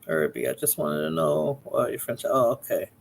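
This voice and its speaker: A man's voice: medium pitch, expressive, moderate pace, vocal fry, slight background noise. A man hosting a live stream, chatting casually with his viewers and reacting to a video. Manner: chatty, talks to viewers in chat by name. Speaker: livestream host reacting to videos.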